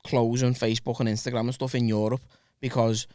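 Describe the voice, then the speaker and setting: A man's voice: mid-range voice, flat delivery, brisk, darkish tone, no room sound, studio quality. A man co-hosting a casual podcast chat, swearing and using slang. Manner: swears a lot, uses English slang. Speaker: podcast co-host.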